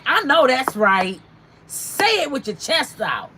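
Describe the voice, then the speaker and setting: A woman's voice: high voice, big pitch swings, measured pace, sharp tone, a little hiss or hum, rough recording. Chatty woman streaming live. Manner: chatty, reads out viewer comments. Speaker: livestream host. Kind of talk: casual livestream chat.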